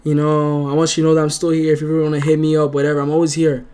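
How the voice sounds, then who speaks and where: An earnest young man chats on his livestream, his voice sitting a bit high. He gets emotional and trips over his words, repeating them as he goes. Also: completely flat delivery, very fast, a little mellow, slight background noise. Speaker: streamer. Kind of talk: casual livestream chat.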